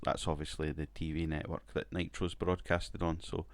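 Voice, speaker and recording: Low-voiced man in casual game commentary. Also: little pitch movement, normal speed, dry recording. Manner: casual, rambling, swears and laughs. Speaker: gaming video creator.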